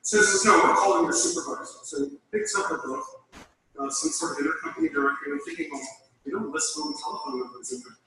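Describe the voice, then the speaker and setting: A man's voice: high voice, fast, slight background noise. A man telling a first-person story about his past as a phone phreak, acting out the other people's lines as he goes. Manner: lively, acts out the other voices in his story. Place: lecture hall. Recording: echoey room, far off, played through a small laptop speaker.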